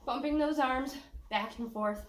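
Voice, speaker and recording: A woman's voice: high-pitched, a little slow, echoey room. An older woman leading a walking workout. She is out of breath, jokes, and sighs between her encouraging cues. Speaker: fitness instructor.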